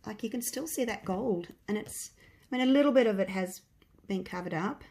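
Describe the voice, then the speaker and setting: A woman with a croaky voice, chatting casually to her viewers and thinking aloud as she works on a resin craft project. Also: medium pitch, animated, fairly quick, darkish tone. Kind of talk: casual chat while crafting.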